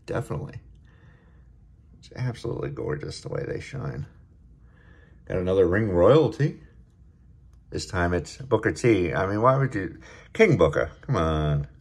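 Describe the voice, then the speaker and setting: Low-voiced man opening trading card packs. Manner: relaxed, chatty, easily excited by good pulls. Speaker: card-opening channel host. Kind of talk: casual card-opening commentary.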